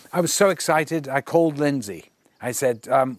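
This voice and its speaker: A man's voice: mid-range voice, moderate pace, dry recording. An older man, telling an anecdote in an interview and acting out the voices he quotes. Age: 60s. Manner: animated raconteur who acts out quoted voices.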